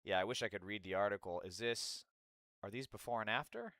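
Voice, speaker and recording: A man's voice: lowish voice, a little fast, fairly bright tone, dry recording, studio quality. A man hosting a political commentary livestream, talking in a profane, sarcastic and rambling way. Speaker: livestream host.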